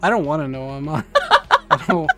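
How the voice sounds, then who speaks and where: A man co-hosting a podcast, wisecracking and telling a joke with animated delivery. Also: fairly high pitch, normal speed, faint music behind. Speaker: podcast co-host. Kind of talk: casual chat, telling a joke.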